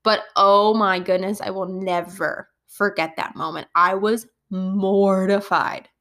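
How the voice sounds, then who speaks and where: A woman schoolteacher chatting through classroom stories on a casual podcast. Her voice sits at an ordinary pitch for a woman. She tells them in an animated way, laughing often and dropping in bursts of "oh my goodness.". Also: slow.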